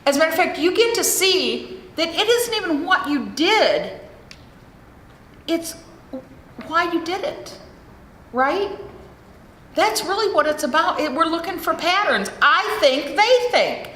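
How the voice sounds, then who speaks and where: Her voice is extremely high, with big pitch swings and a slightly bright quality; she speaks unhurriedly and pauses often. The middle-aged American woman is sharing frankly and profanely at a recovery meeting, using a podium mic in a large hall where the sound echoes over faint room noise.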